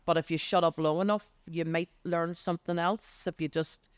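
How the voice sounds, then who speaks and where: An older woman with a Northern Irish accent, a business coach being interviewed on a podcast, telling stories with lively acted-out voices. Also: moderate pace, clean tone, dry recording. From Northern Ireland. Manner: animated, acts out quoted voices with big pitch leaps. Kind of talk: podcast interview, anecdotal storytelling.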